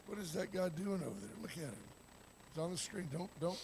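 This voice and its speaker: High-voiced joking host. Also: male voice, big pitch swings, a little fast, a little mellow, a little hiss or hum. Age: older. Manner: jokey, storytelling with acted-out quotes. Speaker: morning show host. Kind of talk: casual talk-show banter.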